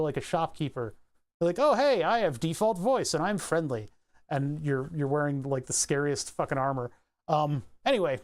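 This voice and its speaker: A man with a Philadelphia accent talks through a casual livestream, wandering from topic to topic with easy laughs. His voice sits a little high for a man. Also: a little mellow. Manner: rambling, chatty, laughs easily. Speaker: streamer.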